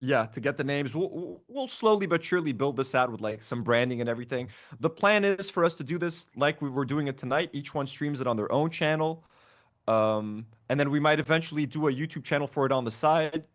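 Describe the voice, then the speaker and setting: A man's voice: fairly high pitch, lively intonation, brisk. Laid-back man co-hosting a live stream. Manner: laid-back, laughs often, thanks donors one by one. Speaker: podcast co-host reading donations. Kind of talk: casual live-stream chat.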